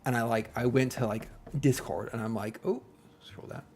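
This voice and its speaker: A man's voice: mid-range voice, fairly even intonation, moderate pace, a little mellow, slightly rough. A man chatting casually on a live stream, rambling and self-deprecating with joking asides, and faint music playing behind him. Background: faint background music.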